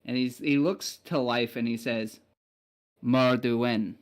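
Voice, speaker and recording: A man's voice: medium pitch, moderate pace. A man narrating a tabletop game as game master, casual and rambling with many fillers.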